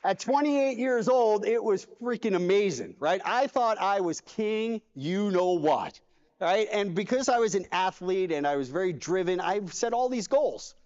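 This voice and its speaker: A man delivers a keynote in a big convention hall, spinning a personal story and playing every part of the dialogue himself. His voice sits high for a man. The sound is dull, and a long reverb trails off his words through the hall. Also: a little slow. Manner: animated storyteller acting out dialogue. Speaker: conference keynote speaker.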